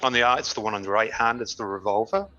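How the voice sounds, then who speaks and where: A man's voice: lowish voice, fast, pushed and bright, lo-fi sound. A man playing a tabletop game, hesitantly describing his character's weapon. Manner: hesitant, describing things with fillers. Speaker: player.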